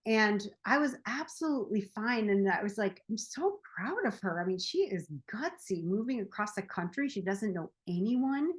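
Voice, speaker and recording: A woman's voice: medium pitch, lively intonation, moderate pace, few pauses. A woman in her forties, a self-help coach, talking casually and laughing often as she tells a personal story. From United States. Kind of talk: casual monologue.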